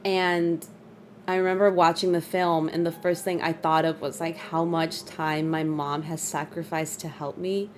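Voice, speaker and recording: A young adult woman streamer chatting casually with her viewers, emotional and quick to laugh. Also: low voice, flat delivery, slight background noise. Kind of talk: casual live-stream chat. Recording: faint music behind.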